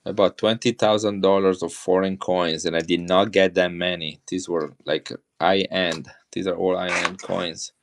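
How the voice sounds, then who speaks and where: A deep-voiced middle-aged man with an Italian accent talks casually on a live stream. He chats with viewers and shows off coins as he goes. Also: level tone, moderate pace, hardly any pauses. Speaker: coin seller on a live stream.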